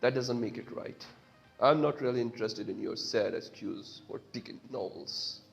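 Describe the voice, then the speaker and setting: A man's voice: mid-range voice, normal speed, creaky, muffled recording, soft background music, lightly acted. A man reading a story game aloud, voicing a curt, sarcastic young man. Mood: suspicious. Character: blunt, suspicious young man.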